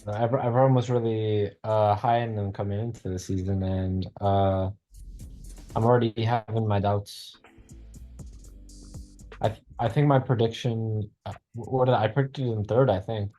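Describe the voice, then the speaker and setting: A man on a football panel with a low, mellow voice that barely moves in pitch. He shares his takes haltingly, circling back and restarting as he thinks. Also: steady tone, lo-fi sound, faint music behind. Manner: hesitant, many fillers and restarts. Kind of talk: casual football opinion chat.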